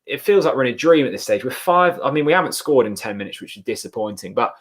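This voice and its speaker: A man's voice: medium pitch, expressive, fast. A man co-hosting a football watchalong, rambling gratefully with lots of fillers. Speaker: fan channel co-host. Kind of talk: casual watchalong chat.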